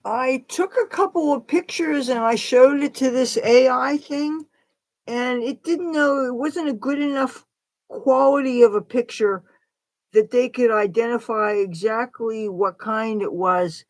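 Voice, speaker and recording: A woman's voice: fairly high pitch, unhurried, dry recording, rough recording. A woman hosting a casual livestream, rambling with fillers and coaxing a bird in baby talk. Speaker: livestream host.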